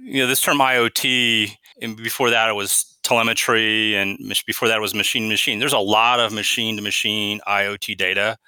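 A middle-aged man, a company's chief product officer, answering interview questions in a measured, explanatory way and often restarting phrases. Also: on the low side, fairly even intonation, pushed and bright, clear, resonant tone, dry recording.

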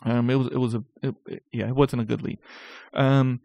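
A man telling stories about his sales career in a casual, animated way, often stammering and restarting his sentences. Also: mid-range voice, a little fast, vocal fry, dry recording, dull audio. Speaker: guest recounting sales career. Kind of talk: casual storytelling.

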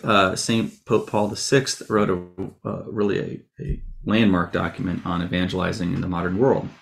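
Casting: earnest speaker, man, lowish voice, reflective and unhurried, lots of restarts. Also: creaky. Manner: earnest, thoughtful, with frequent fillers and restarts. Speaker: Catholic speaker on evangelization. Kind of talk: reflective talk to an audience.

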